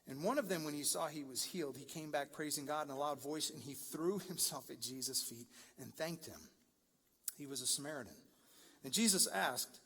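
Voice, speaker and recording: A pastor with a slightly high, husky, sharp-toned voice preaches fairly quickly and expressively in a large church hall with long reverb. His sermon is conversational and full of jokes, rising to emphatic peaks.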